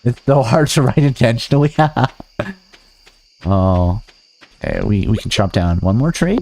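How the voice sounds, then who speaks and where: A man's voice: fairly low pitch, expressive, unhurried, pauses often, noisy background. A man streaming a farming game, chatting to viewers in a goofy, rambling way with silly sing-song bits. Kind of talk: casual gameplay commentary.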